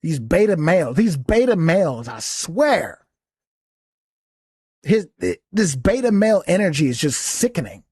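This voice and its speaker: A man's voice: sits high, breathy edge, dry recording, clean studio sound. A man hosting a podcast, giving a heated, taunting, profane commentary monologue. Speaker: podcast host.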